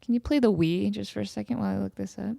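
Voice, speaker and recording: A woman's voice: medium pitch, fast talker, gravelly, loud music behind the voice. A woman hosting her own podcast, chatting casually and telling jokey stories with playful impressions. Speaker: podcast host. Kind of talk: casual solo podcast chat.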